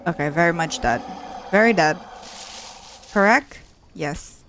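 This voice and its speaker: A woman giving casual let's play commentary with a somewhat low voice. She chats along as she plays and repeats her exclamations when something startles her. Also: lively intonation, measured pace, a bit bright, a little hiss or hum.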